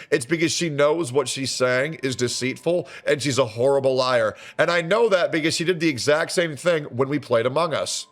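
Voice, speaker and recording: Sarcastic ranting man with a lively voice. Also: a little high. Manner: sarcastic, indignant, profane. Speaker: streamer reacting to a clip. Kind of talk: ranting reaction commentary.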